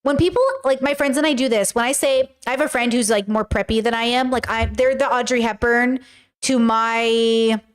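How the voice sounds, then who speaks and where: A woman's voice: on the high side, fairly even intonation, moderate pace, clear, resonant tone. A woman hosting a casual livestream, talking candidly in a rambling way, swearing freely and acting out her own quotes. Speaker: livestream host. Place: home livestream.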